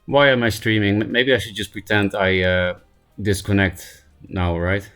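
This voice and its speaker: A man streaming a card game, thinking aloud and mocking himself, hoarse from laughing and often clearing his throat. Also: lowish voice, steady tone, normal speed, a bit bright, faint music behind. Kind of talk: casual gameplay commentary.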